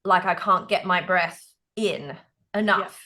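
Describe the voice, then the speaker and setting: A woman's voice: lowish voice, slow, sharp tone. A woman co-hosting a podcast, describing her own experience in a thoughtful, hesitant way that breaks into fragments. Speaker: podcast co-host. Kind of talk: casual podcast chat.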